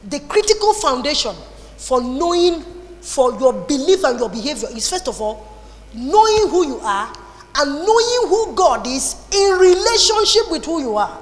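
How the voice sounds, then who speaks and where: A woman with a Nigerian accent preaching a lively sermon, slipping into Pidgin and Igbo phrases. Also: sits high, normal speed. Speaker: pastor. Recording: long reverb in a hall.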